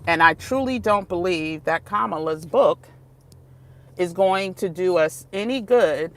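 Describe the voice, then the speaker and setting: Woman vlogger, casual chat, unhurried, digressive, laughs often. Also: on the low side, animated. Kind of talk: casual vlog talk. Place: outdoors, moving between places.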